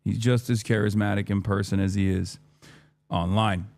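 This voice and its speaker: A streamer in his thirties with a lowish voice speaks at a normal speed as he casually tells a story. He swears a lot, stays animated, and performs his own lines of dialogue.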